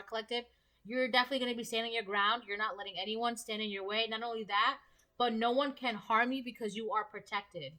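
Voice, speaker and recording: Woman tarot reader, fairly high bright voice, earnest and repetitive, casual delivery. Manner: earnest, repetitive, punctuates with "all right?" and "okay?". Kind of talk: casual spoken tarot reading to viewers.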